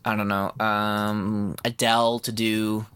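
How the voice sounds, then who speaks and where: A man's voice: fairly low pitch, little pitch movement, slow, fairly bright tone, clean tone, no echo. A man co-hosting a comics podcast in casual chat, rambling with lots of fillers and laughter. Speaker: podcast co-host.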